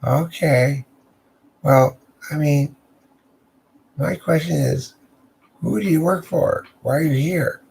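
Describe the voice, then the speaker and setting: A man's voice: on the high side, takes it slowly, creaky, pauses often, a little mellow, slight background noise, voice pushed up. A man voicing an alluring, wide-eyed young woman who talks coyly and teasingly.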